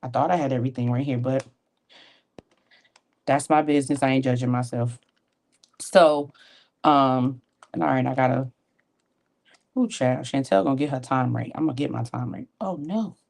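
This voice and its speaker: A beauty vlogger and sales consultant talks through her makeup at a home vanity, recorded on a tablet camera. Her low, mellow voice is creaky, at normal speed, with frequent pauses, and she's animated and encouraging, giving a personal motivational chat full of folksy asides to viewers.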